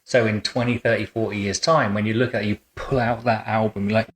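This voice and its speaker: A man hosting an interview as a boudoir photographer, chatting in a warm, rambling way in his photo studio, full of fillers and restarts. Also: lowish voice, steady tone, brisk. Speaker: boudoir photographer and podcast host. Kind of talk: relaxed conversational interview.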